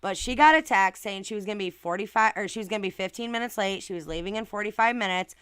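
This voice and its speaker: Outspoken woman with a bright, crisp voice. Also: medium pitch, quick pace, no echo. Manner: outspoken, indignant, swears and asks rhetorical questions. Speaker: channel host reading viewer comments. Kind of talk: casual livestream commentary.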